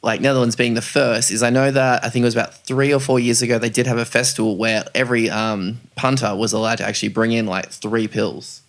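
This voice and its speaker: A man's voice: medium pitch, flat delivery, fast, hardly any pauses. A young man hosting a casual podcast discussion, chatty and hesitant with many fillers. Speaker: podcast host.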